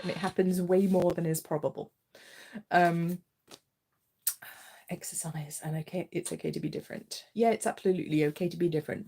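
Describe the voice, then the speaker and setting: A woman reading tarot cards on a livestream, soft-spoken and giggly, her voice worn as she loses it. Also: lowish voice, husky. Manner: soft-spoken, giggly, often drops to a murmur. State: losing her voice. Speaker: tarot reader.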